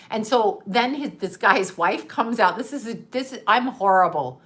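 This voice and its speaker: A woman's voice: mid-range voice, animated, normal speed, hardly any pauses, a bit bright. A middle-aged woman telling a personal story in a casual, profane way, laughing often as she retells it.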